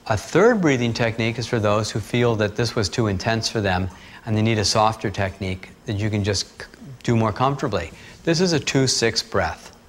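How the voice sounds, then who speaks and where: A man teaching breathing techniques, talking calmly and steadily through guided instructions. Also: on the low side, moderate pace, faint music behind. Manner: calm, steady instructional talk with asides.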